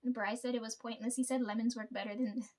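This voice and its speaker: A woman's voice: a little high, fairly even intonation, fast, darkish tone. A young woman with a sore throat, telling a story in a casual vlog at home, swearing freely and laughing often. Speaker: vlogger. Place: at home, sitting before camera.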